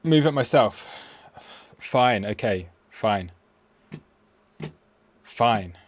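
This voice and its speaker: A man's voice: lowish voice, lively intonation, extremely slow, no echo. A man, chatting playfully on a live trading stream and talking at the price chart.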